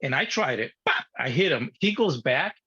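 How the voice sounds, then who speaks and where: Husky guy telling a story, swears a lot, gets really animated, kinda muffled recording. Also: mid-range voice, moderate pace. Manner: animated, swearing, acting out his younger self. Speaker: guest. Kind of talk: personal storytelling. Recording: dull lo-fi sound.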